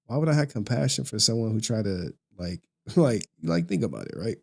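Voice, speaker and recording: A man's voice: medium pitch, sing-song, moderate pace, vocal fry, a little mellow, slightly rough. A young man ranting on a livestream, profane and mocking, often breaking into laughter. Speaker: streamer. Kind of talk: livestream rant.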